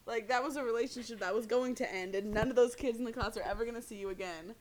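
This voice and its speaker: Lively, laughing young woman telling stories. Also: a little high, quick pace. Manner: animated, swearing, laughing storyteller. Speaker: podcast co-host. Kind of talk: casual chat.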